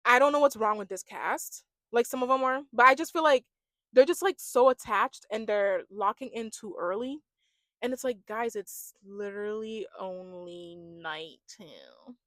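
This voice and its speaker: A woman giving a gossipy, animated recap of a reality dating show, imitating the cast as she goes. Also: fairly high pitch, moderate pace, dry recording. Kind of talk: casual reaction commentary.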